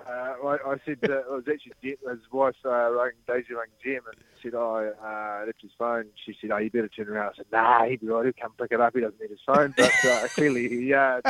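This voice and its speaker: A middle-aged man, talking in a relaxed, hesitant way with many fillers as a guest on a radio show. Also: medium pitch, moderate pace, dry recording. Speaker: former rugby captain guest. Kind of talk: casual radio interview. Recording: phone line on radio.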